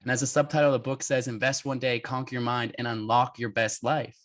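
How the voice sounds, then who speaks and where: A man in his thirties tells an adventure story as an interview guest. He is lively and animated, and he laughs as he talks, with a voice of average pitch. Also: fast. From United States.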